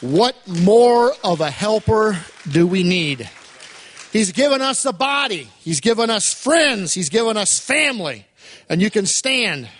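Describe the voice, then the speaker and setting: A male preacher delivers an emphatic sermon in a high, light voice, firing off rhetorical questions. The sound is close and dry, with almost no room echo. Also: very animated, a little slow, a bit bright.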